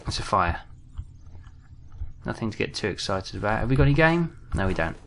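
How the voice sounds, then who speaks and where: A British man talks through a survival game in a low, gravelly voice with a sharp, bright edge. He mutters to himself, jumpy and self-mocking, as he plays. Casual let's-play commentary. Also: lively intonation, brisk, a little hiss or hum. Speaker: gaming commentator.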